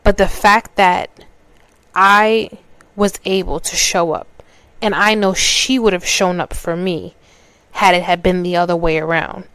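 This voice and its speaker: A woman talks through a personal story on her podcast, casual and loose, often restarting mid-sentence. Her voice sits fairly low and sounds smooth and clear. The recording is dry and close, with no room sound. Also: fairly even intonation, unhurried, a bit bright, no room sound. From New York. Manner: conversational, restarts mid-sentence, acts out quoted dialogue. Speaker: podcast host.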